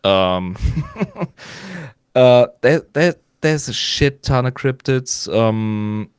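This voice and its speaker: A man's voice: medium pitch, lively intonation, drawn-out words, clean tone, no room sound, clean studio sound. A man with a German accent chatting casually, hesitating with many fillers, swearing and laughing. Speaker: guest, German teacher living in Switzerland. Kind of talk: casual podcast chat.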